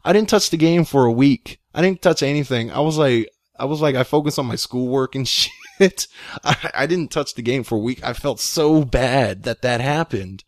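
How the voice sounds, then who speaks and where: A young man telling a long story in casual chat, rambling and excitable, with many fillers. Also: mid-range voice, moderate pace, no room sound, studio quality. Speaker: guest storyteller.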